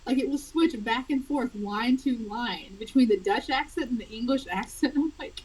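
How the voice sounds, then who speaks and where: A woman with a husky, slightly breathy voice talks through an interview as the guest author. She chats casually and animatedly, laughing often between thoughts. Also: a little high, normal speed, a little mellow, low-quality recording.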